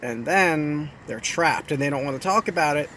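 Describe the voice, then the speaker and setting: Man, fairly high voice, chatty, self-mocking, casual talk to camera, faint traffic behind. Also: normal speed, pushed and bright. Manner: chatty, self-mocking, explains with repeated phrases. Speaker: video host.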